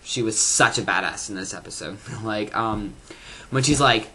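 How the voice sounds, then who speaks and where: Bright-voiced young fan, gushing. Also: mid-range voice, moderate pace. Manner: excited, rambling, lots of fillers and laughs. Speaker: fan reviewing a TV episode. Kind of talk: casual vlog review.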